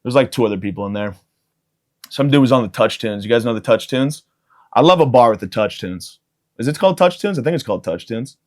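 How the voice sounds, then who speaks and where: A man's voice: medium pitch, expressive, a little fast. Profane rambling podcast man. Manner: profane, self-mocking, riffing. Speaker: podcast host. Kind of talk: rambling comedic monologue.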